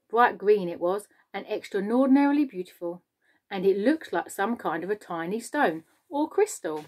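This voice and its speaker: Expressive woman reading a storybook. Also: medium pitch, normal speed. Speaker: teacher. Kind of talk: reading a children's book aloud.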